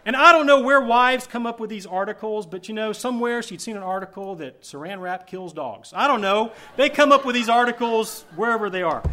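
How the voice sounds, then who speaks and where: A man preaching a sermon as pastor, telling a story with animated swings between loud emphasis and hushed asides. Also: high-pitched, fairly quick, hardly any pauses.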